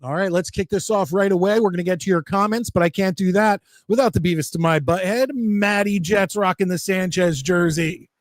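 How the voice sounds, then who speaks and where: A man hosting a live sports talk show, chatty and excited, reading viewer comments aloud. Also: high voice, fairly quick, few pauses. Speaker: host.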